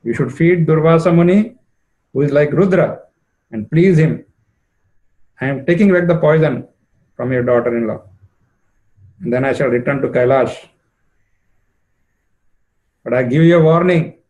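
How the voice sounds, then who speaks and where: A man voicing a stern, angry male king of snakes who speaks in measured threats. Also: on the high side, a little mellow, dull audio, close to an everyday voice.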